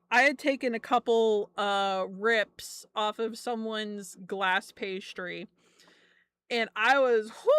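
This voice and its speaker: A woman's voice: fairly high pitch, bright, forceful tone, clear, resonant tone, no echo. Laid-back, giggly young woman streamer. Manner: laughs often, swears freely, rambling storytelling. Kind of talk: casual chat stream.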